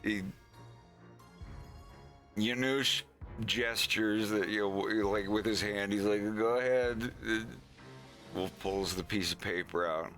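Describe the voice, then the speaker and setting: A man's voice: lowish voice, steady tone, takes it slowly, pauses often, pushed and bright, soft background music. A man streaming, casually retelling a story scene with fillers and giggles. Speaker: streamer narrating his animation script.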